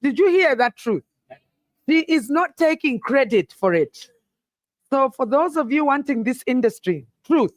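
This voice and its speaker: High, playful woman hosting a live event. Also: animated, measured pace, no room sound. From South Africa. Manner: playful, teasing and rallying the crowd. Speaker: event host. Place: event venue.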